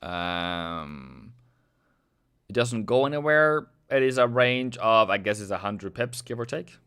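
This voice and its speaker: A man's voice: on the low side, lively intonation, takes it slowly, fairly bright tone, clear, resonant tone, no room sound. A man with a Norwegian accent, a native Norwegian speaker, hosting a casual trading live stream, joking and chatting with viewers. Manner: joking, chatty, reads chat aloud.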